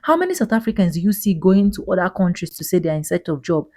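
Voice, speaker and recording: A woman's voice: on the low side, big pitch swings, fast talker, dark tone, no echo. A woman giving an opinionated commentary monologue, indignant and emphatic, full of rhetorical questions. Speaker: vlogger commentator.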